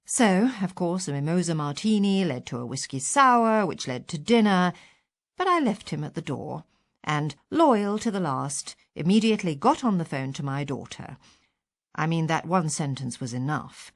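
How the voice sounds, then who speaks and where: A woman reading a first-person short story aloud with a wry, expressive delivery. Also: low voice, moderate pace, no room sound. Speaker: audiobook reader.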